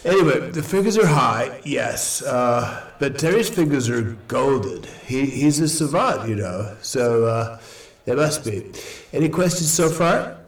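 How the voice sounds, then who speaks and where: A man's voice: mid-range voice, expressive, unhurried, echoey room. A man playing a flustered, apologetic clerk. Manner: hesitant, apologetic, full of fillers. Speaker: council meeting clerk character.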